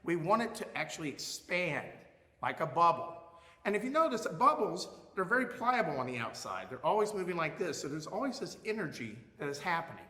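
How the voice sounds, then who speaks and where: A man teaching a music lesson, explaining expressively and showing loudness with his own voice. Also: a little high, very animated, fairly quick, reverberant, long reverb tail.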